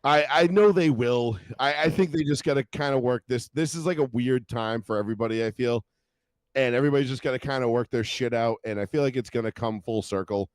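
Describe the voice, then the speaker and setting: A man's voice: mid-range voice, brisk, no echo. A man co-hosting a podcast, chatting casually with lots of fillers and swearing. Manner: animated, swears a lot, many fillers. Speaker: podcast co-host. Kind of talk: casual banter.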